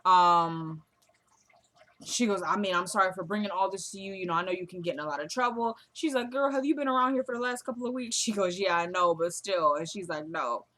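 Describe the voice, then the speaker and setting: A woman casually recapping a TV drama episode, retelling scenes as quoted dialogue with a chatty, animated delivery. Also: fairly low pitch, fairly quick. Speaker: show recap vlogger.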